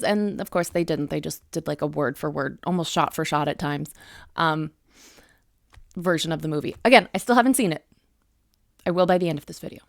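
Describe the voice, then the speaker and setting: A woman's voice: lowish voice, fairly quick, no echo, clean studio sound. A young woman giving a casual, effusive book review at home, chatting with many fillers and restarts. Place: home room with bookshelves.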